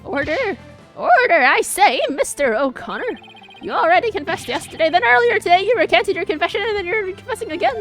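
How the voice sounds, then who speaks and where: A woman voicing a pompous old male judge in a video game, speaking in a high, exclaiming voice. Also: lively intonation, moderate pace, fairly bright tone, soft background music. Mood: exasperated. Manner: flustered, high-pitched, exclamatory.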